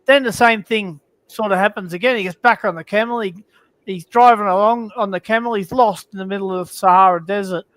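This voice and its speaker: A man's voice: high-pitched, a little fast, a bit bright, low-quality recording. A man guest on a live stream, casually telling long, rambling crude jokes.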